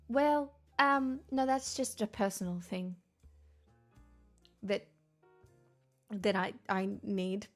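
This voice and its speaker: A tired Australian woman livestreaming, chatting with viewers, laughing often and swearing freely. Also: mid-range voice. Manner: giggly, sweary, rambling. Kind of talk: casual chat reading viewer comments.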